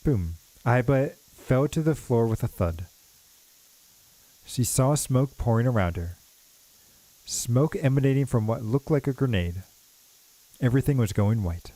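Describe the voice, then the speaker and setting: A male streamer reads a game's story text aloud in a casual way, breaking off for asides. His voice is dark and mellow. The recording is dry and close. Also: medium pitch, animated, measured pace, pauses often, no room sound. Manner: casual, with filler asides and restarts. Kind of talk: reading game text aloud while playing.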